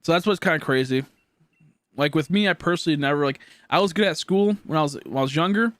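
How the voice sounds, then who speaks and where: Young male streamer, slightly high voice, rambling casual chat, swears freely, close and dry. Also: fast, a bit bright, no room sound. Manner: rambling, restarts often, swears when worked up.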